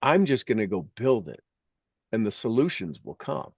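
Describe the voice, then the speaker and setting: A man's voice: fairly low pitch, very animated, normal speed, breathy edge, dry recording, clean studio sound. A middle-aged man telling rambling, enthusiastic stories as the host of a spoken meditation. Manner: earnest, enthusiastic, rambling storytelling.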